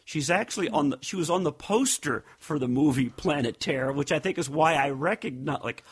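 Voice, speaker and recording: Husky-voiced man telling rambling stories. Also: fairly high pitch, lively intonation, fairly quick. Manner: rambling storyteller, acts out quotes. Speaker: podcast co-host. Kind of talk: casual chat.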